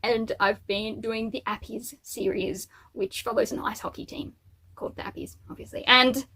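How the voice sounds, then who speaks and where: A woman's voice: on the high side, fairly even intonation, normal speed, bright, forceful tone, breathy edge. A woman book vlogger chatting casually and cheerfully about the books she plans to read, with little asides and fillers. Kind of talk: casual chat.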